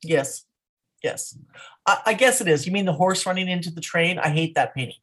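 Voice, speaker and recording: A woman's voice: fairly low pitch, normal speed, fairly bright tone, husky. Middle-aged lady cohosting a podcast, chatty, laughs a lot, starts sentences over. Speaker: podcast co-host. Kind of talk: casual chat.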